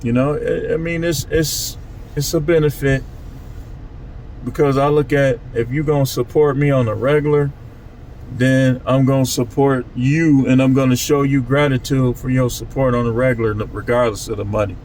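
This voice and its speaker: A man's voice: mid-range voice, steady tone, normal speed, darkish tone, a little hiss or hum, low-quality recording. A man talking casually to his channel in a loose, repetitive street-talk way. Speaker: channel host. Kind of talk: casual monologue vlog.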